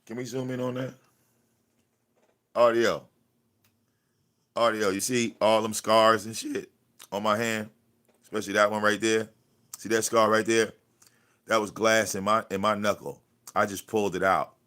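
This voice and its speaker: A man's voice: lowish voice, level tone, a little slow, pauses often, pushed and bright. A man hosting a livestream, ranting at someone in a confrontational, profane way and repeating himself. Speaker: livestream host. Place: cluttered home room.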